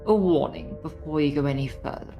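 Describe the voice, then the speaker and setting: Woman doing a deep-set stern narrator for a game read. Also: a little fast, creaky, dark tone, soft background music, low-quality recording. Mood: commanding. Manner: commanding, insistent. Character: stern female narrator urging a princess slaying. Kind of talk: reading a game aloud.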